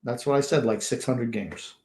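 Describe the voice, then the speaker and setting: A man co-hosting a sports podcast, gruff and sarcastic in casual chat. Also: mid-range voice, moderate pace, darkish tone, roomy sound. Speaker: podcast co-host.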